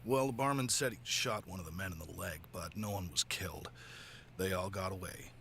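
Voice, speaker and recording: A man voicing a video game detective who investigates a robbery in a matter-of-fact, brisk way. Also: deep voice, vocal fry, bright, forceful tone, slight background noise, heavily acted.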